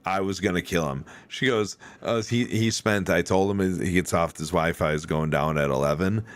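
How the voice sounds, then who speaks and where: A man hosting a podcast, chatting casually and telling animated, rambling stories full of fillers. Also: sits low, normal speed. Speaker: podcast host. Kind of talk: casual chat.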